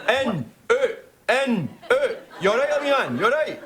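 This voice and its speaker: A man's voice: very high-pitched, big pitch swings, unhurried, full character voice. An actor playing a male Scottish air traffic controller in a TV comedy sketch, coaxing and full of local slang. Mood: soothing. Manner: coaxing, talks in thick local words. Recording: studio audience laughter behind.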